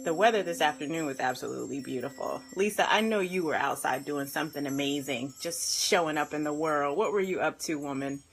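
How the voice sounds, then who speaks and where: A woman's voice: low-pitched, fairly quick, few pauses, soft background music. Bubbly woman life coach greeting viewers. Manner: bubbly, effusive, laughs often. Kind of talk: live stream greeting viewers.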